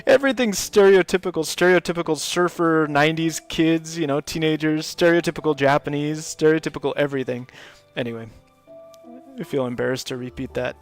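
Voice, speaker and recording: A man's voice: a little high, normal speed, dry recording. A man chatting casually while streaming a building game, laughing often and filling his talk with lots of ums. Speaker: live gaming streamer.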